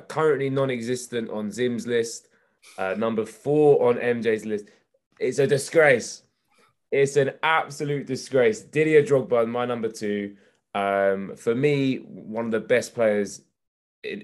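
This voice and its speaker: A southern English man talks football on a podcast in a low voice. His chat is casual, and he throws in dry, teasing asides. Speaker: podcast co-host.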